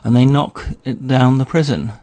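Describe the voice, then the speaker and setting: A man, a regular history guest on a radio show, telling a story in a relaxed way with wry asides. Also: mid-range voice, normal speed, dry recording. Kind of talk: storytelling chat.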